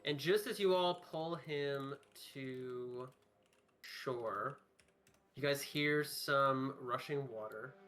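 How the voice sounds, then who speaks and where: Halting man running a tabletop game. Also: medium pitch, fairly bright tone. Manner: loose, halting narration with fillers. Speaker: game master.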